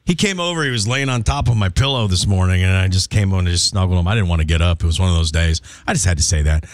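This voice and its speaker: A man's voice: low-pitched, very fast, few pauses. A man hosting a morning radio show, chatting playfully with co-hosts. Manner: playful, slips into baby talk. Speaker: radio host. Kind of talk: casual morning radio banter.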